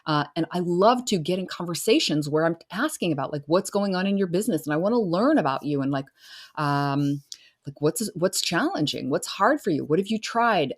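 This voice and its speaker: Woman, middle-aged, low pitch, earnest, casual solo podcast talk. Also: lively intonation, brisk, husky. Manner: earnest, warm-hearted, acts out clients' voices. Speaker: business coach and podcast host.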